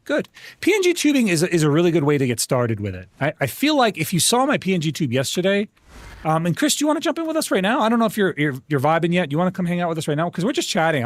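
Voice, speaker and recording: Man, gaming streamer, casual chatty talk, upbeat, repeats words, lively pitch. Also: fast talker, dry recording. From United States. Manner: chatty and upbeat, restarts words often, calls people bro and dude. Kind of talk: casual live-stream chat while gaming.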